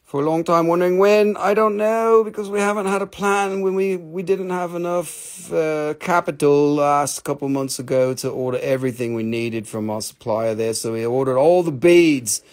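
A man hosting a live rock and mineral sale, chatting casually. He talks fast, rambles with excitement and swears freely. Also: fairly high pitch. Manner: talks fast when showing items. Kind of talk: live sales stream, casual chat.

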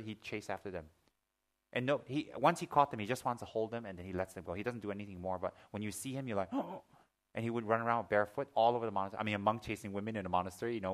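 A man teaching as a Buddhist teacher in a Dharma talk, mixing teaching with lively personal stories, joking asides and acted-out gasps. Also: lowish voice. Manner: lively storyteller, acts out gasps and shouts.

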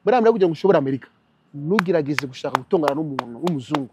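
A young man from Rwanda giving advice as an interview guest, animated and quick to mimic other voices. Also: a little high, slight background noise. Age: young adult. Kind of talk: casual interview.

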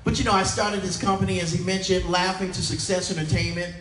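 A middle-aged man's high-pitched, somewhat bright voice moves at a quick pace with little pitch variation as he does clean comedy at a conference. He teases the audience and acts out voices. The echoey hall recording sounds distant, with crowd sounds and a little hiss or hum.

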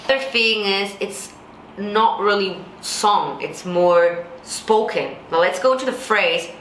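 A woman vocal coach with a low contralto voice, explaining technique and breaking into sung examples. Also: slow pace, fairly bright tone, a little hiss or hum. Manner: explains then sings example lines. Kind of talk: singing tutorial with sung demonstrations. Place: Singapore. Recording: echoey room with faint music.

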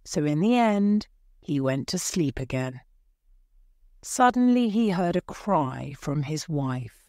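A woman narrating a story for English learners in a slow, clear, measured reading. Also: deep voice, sing-song, a little mellow, no echo, clean studio sound.

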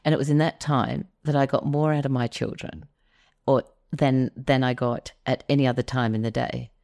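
A woman's voice: very deep voice, fairly even intonation, normal speed, gravelly, a little mellow. A middle-aged woman, hosting a podcast and chatting casually with many fillers. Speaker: podcast host. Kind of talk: casual conversation.

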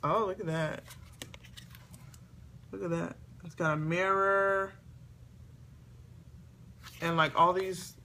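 A woman chatting excitedly to camera as she opens gifts, talking to her viewers at home. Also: on the low side, takes it slowly, long pauses, slight background noise. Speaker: beauty vlogger. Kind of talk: casual unboxing chat to camera. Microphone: camera on a tripod.

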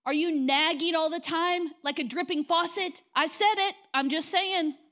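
High-voiced woman pastor preaching bluntly. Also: normal speed, a bit bright. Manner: direct, confrontational preaching with mocking quoted voices. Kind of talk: sermon. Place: church sanctuary.

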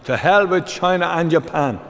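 An Irish man voicing a cheeky, scruffy schoolboy who recites a bold rhyme deliberately. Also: on the high side, big-room sound, lightly acted.

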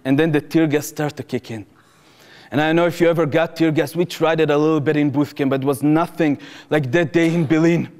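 A man's voice: on the high side, fairly even intonation, a little fast, darkish tone. Israeli man telling a story in a hall. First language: Hebrew. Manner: vivid first-person storytelling in present tense, acting out voices. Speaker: speaker at a public talk. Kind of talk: storytelling talk. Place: lecture hall before an audience. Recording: reverberant hall.

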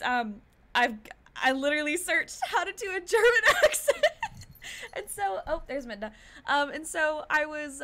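A woman with a high, bright voice chats loosely to her live stream audience. She giggles at herself often and meanders through her thoughts with plenty of ums and likes. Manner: giggly, self-mocking, rambling with many fillers. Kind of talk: casual chat to a live stream.

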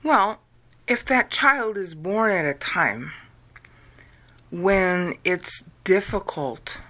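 A woman from the United States explaining an idea to viewers, slow and deliberate, drawing words out and counting them aloud. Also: lowish voice, animated, bright, forceful tone. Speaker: video lecturer. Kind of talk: explanatory talk.

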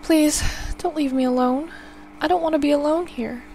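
A woman doing a frail old mother who has lost her grip on who people are, her voice fretful and quavering and climbing high when she panics. It is a shrill, thin old-lady voice, full of worry. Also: moderate pace, mellow, a little hiss or hum. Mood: panicked. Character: frail confused elderly mother, frightened and shrill.

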